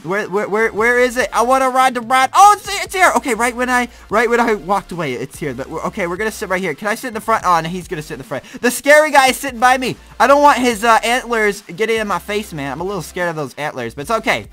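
A young man giving excitable, slangy let's-play commentary, laughing and reacting loudly as he plays. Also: high-pitched, quick pace, hardly any pauses, soft background music. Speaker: gaming YouTuber.

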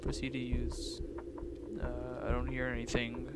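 A young man commentating a game, jittery, swinging from hushed mutters to loud yelps. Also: medium pitch, monotone, unhurried. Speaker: gaming YouTuber. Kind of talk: let's-play commentary. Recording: loud noise behind voice.

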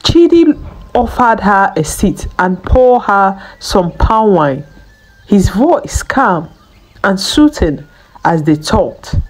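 Slow, lilting woman storyteller. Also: mid-range voice, sing-song, slightly rough, faint music behind, poor audio. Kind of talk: scripted folktale narration.

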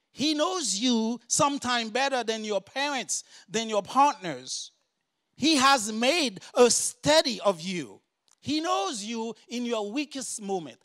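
A man with a Haitian accent, a native French speaker, preaching an earnest sermon that builds to loud, emphatic declarations. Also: very high-pitched, animated, a little slow. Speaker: guest preacher and doctor.

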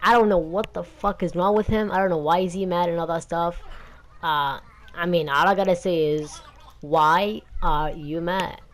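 A man's voice: high voice, steady tone, moderate pace, a bit bright. A young man hosting a gaming channel, talking in a rambling, indignant and defensive rant.

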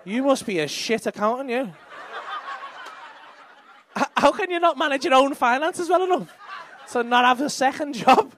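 A man's voice: very high-pitched, expressive, moderate pace, long pauses, fairly bright tone, a little hiss or hum. A young man with a Liverpool accent doing brash, sweary crowd work as a stand-up comedian on a club stage. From England.

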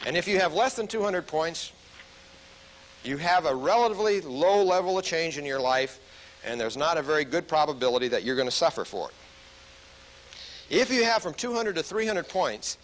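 A military officer giving a stress management lecture to a group, telling stories and asking the audience questions. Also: male voice, a little high, poor audio. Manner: animated storyteller who asks the audience questions.

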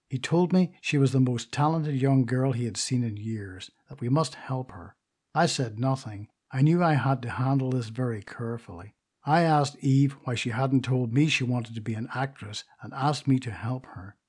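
A proud stage actress pours out her grievances in an audiobook, gossipy and indignant. Her voice sits in the middle range with a husky edge, as a man reads her part. She sounds put out but still poised. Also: medium pitch, darkish tone, natural voice. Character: vain grand stage actress, middle-aged woman. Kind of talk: audiobook reading.

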